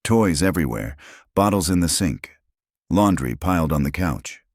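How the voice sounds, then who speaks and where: A man narrating a scripted drama story in a measured storytelling way. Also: low voice, expressive, no room sound, clean studio sound.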